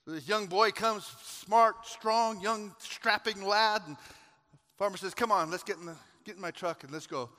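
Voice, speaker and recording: A man preaching a sermon. He tells a folksy story and builds up to shouted exhortations. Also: high-pitched, moderate pace. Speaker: pastor. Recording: long hall reverb.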